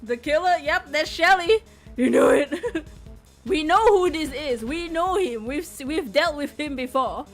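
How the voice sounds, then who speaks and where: A woman's voice: high voice, lively intonation, a little slow, faint music behind. A woman streaming a game, giving playful, giggly, exclamatory commentary.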